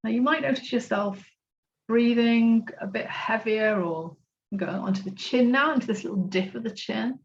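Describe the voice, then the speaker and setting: Gentle woman guiding a tapping class. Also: fairly high pitch, normal speed, creaky, dull audio, a little hiss or hum. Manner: gentle, encouraging, talks through each tapping point. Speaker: self-love coach leading a tapping class. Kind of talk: guided tapping instruction on a video call. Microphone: video call.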